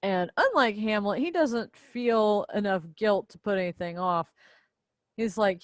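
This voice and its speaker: A woman's voice: mid-range voice, unhurried, dry recording. A young woman casually and playfully summarizing a play for a class video. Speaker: student presenter.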